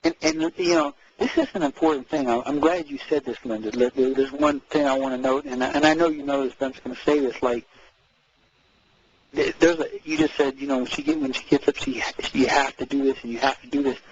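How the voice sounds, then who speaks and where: A man chatting casually as co-host, animated, repeating words and acting out quoted speech. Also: medium pitch, brisk, gravelly, husky, dull audio. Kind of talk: casual conversational chat.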